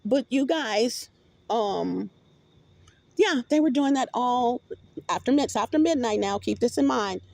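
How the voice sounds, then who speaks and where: A woman's voice: a little high, animated, measured pace, creaky, a little mellow, no room sound. A woman vlogger in a rambling, profane monologue with many restarts, recorded on a phone.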